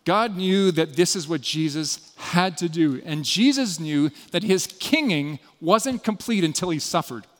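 A man preaching a sermon as pastor, earnest and often dropping to a quiet, intimate tone. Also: on the high side, animated, unhurried, hardly any pauses. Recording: long hall reverb.

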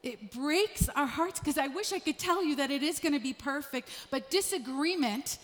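A middle-aged woman pastor preaching a sermon, telling stories in an animated way that swings from quiet asides to raised emphasis. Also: high voice, moderate pace. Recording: long hall reverb.

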